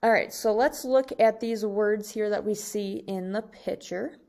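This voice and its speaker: A woman teacher giving a recorded slide lesson to second graders, speaking slowly and deliberately and drawing out each example word. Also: mid-range voice, mellow.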